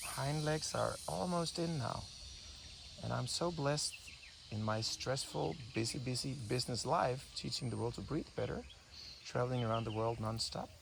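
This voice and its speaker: Man, gravelly, hushed commentary, thinking aloud, outdoors, insect and bird noise behind. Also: medium pitch, moderate pace. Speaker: breathing coach filming wildlife. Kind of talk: unscripted nature commentary while filming. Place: outdoors on a morning walk near a temple. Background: insects and birds.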